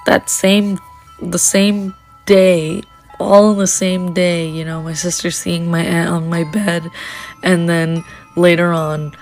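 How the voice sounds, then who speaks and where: Young woman, lowish voice, rambling ghost-story telling, faint music underneath. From Canada. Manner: rambling, lots of fillers and restarts. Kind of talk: casual storytelling.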